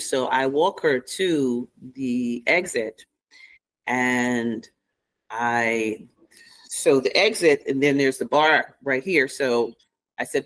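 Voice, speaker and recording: A man as an interview guest, recounting events in the first person with a halting, searching delivery that slips into present tense. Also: medium pitch, a bit bright, rough recording. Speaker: interview guest, former staffer.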